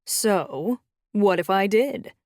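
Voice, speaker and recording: A woman voicing a booming, playful middle-aged male dragon-shifter uncle who teases and scolds. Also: animated, takes it slowly, darkish tone, no echo, clean studio sound. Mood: teasing. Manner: teasing, scolding.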